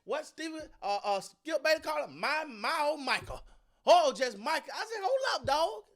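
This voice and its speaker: A sports commentary host with an extremely high voice talks to his channel's viewers at a moderate pace. His delivery is animated and casual, full of slang and repetition, as he speaks directly to the audience and shares his takes.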